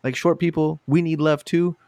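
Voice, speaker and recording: A man's voice: a little high, normal speed, creaky, dry recording. A man chatting on a podcast, telling stories with lots of swearing, laughter and put-on voices. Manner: animated, profane, laughing storyteller doing voices. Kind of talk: casual podcast chat.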